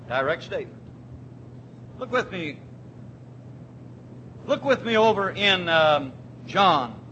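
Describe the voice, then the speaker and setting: Male preacher, high and bright, drawn-out scripture readings, light room rumble. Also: highs cut off. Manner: emphatic preaching, repeats key words, slows on scripture. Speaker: pastor. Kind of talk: sermon.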